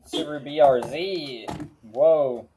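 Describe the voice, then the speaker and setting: A man hosting a reaction video, naming car models one by one in a slow, matter-of-fact way. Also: medium pitch. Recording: clear background noise with clicks.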